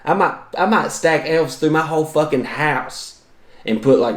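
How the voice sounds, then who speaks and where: A man's voice: on the high side, fairly quick, vocal fry, echoey room. A man, hosting a podcast and telling comic stories in a profane, exaggerated, self-mocking way. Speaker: podcast host and comedian. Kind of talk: comedic storytelling monologue.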